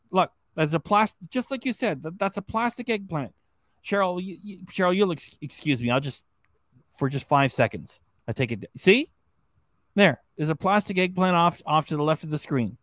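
A man's voice: on the high side, lively intonation, normal speed, a bit bright, dry recording. A man hosting a livestream reaction show, reading viewer chats in a mocking, rambling way. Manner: mocking, rambling, repeats himself. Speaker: host.

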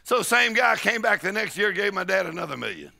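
A man preaches a charismatic sermon in a high, bright, gravelly voice that rises and falls widely. He talks folksy and slow, breaking into shouts and laughter. A congregation murmurs faintly behind him. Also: very animated. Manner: shouting praise and bursting into laughter; folksy, with y'all and ain't. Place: church sanctuary with congregation.

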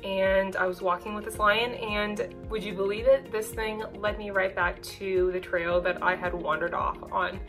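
A woman telling a personal story in a chatty, animated way with lots of casual fillers. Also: medium pitch, rough recording.

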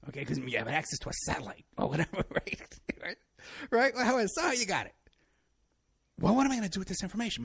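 Gravelly, sarcastic man ranting on his show. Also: high-pitched. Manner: rambling, sarcastic, laughs at his own points. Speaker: show host. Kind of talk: solo monologue commentary.

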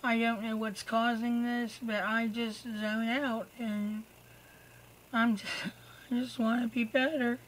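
Weary, slow-talking woman vlogger. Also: on the high side, level tone, slight background noise, low-quality recording. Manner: halting, trailing off mid-sentence. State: exhausted. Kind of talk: personal video update to viewers.

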